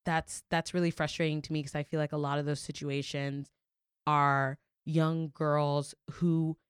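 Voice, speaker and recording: A woman's voice: deep voice, flat delivery, unhurried, clean tone, no room sound, studio quality. A young woman co-hosting a casual talk show, telling a story candidly and swearing freely. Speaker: podcast co-host. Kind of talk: casual chat.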